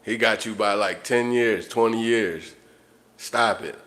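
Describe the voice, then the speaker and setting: A man's voice: fairly low pitch, slow, fairly bright tone. Blunt, profane man ranting on a livestream. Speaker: livestream host. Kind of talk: unscripted livestream monologue.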